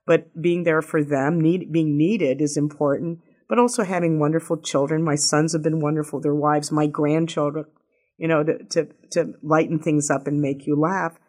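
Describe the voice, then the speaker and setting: Older woman hosting, lively storyteller. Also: low-pitched, normal speed. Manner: lively storyteller, jumps into quoted voices. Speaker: host, doctor. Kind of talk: casual group talk.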